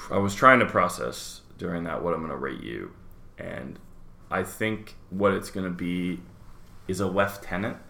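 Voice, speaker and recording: Gravelly low-voiced man, blunt and profane. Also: animated, unhurried, long pauses, pushed and bright. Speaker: podcast co-host. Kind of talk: casual podcast chat. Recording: roomy echo.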